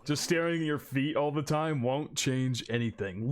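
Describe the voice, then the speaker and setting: A man's voice: medium pitch, moderate pace, hardly any pauses. A man hosting an anime reaction video, talking effusively and emotionally, swearing freely. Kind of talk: casual reaction commentary.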